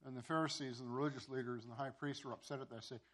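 A pastor telling a sermon story, with many repeated words and restarts. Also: male voice, medium pitch, steady tone, very fast, a bit bright.

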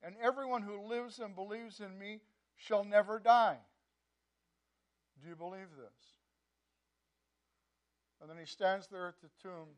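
A high-pitched male pastor delivers a conversational sermon, repeating words often and leaning on "you know." He swings between loud emphasis and quiet asides.

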